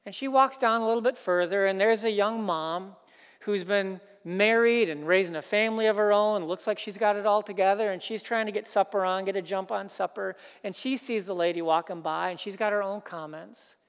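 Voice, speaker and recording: A pastor preaching a sermon, earnest, building emphasis through repeated phrases. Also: male voice, sits high, a little fast, smooth, big-room sound.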